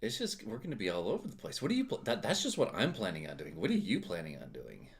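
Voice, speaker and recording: A man co-hosting a casual gaming livestream, teasing his partner and laughing through quick asides. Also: fairly low pitch, huge pitch swings, vocal fry.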